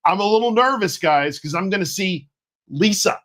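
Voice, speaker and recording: A man's voice: high voice, lively intonation, normal speed, fairly bright tone. A man co-hosting a casual livestream, joking around and rambling in a self-mocking way. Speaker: co-host.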